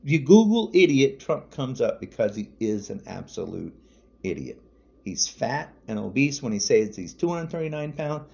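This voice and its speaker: A man's voice: mid-range voice, sing-song, moderate pace, vocal fry, mellow. A man podcasting an angry political rant, furious and repetitive, hurling insults. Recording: dull lo-fi audio.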